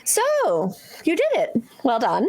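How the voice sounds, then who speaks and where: A woman voicing a smug, calm agency boss with a measured, pleased delivery. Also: on the high side, heavily acted.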